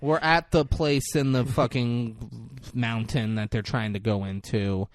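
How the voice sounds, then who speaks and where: A man's voice: medium pitch, steady tone, a little slow, no room sound. Profane, jokey podcast host man. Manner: profane, jokey, mimics characters in exaggerated voices. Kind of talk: casual chat recapping a movie.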